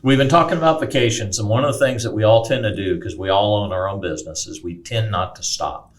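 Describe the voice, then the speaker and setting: A man's voice: fairly low pitch, quick pace, background noise. A man co-hosting a podcast, giving earnest, encouraging advice to listeners. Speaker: podcast co-host. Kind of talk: motivational podcast chat.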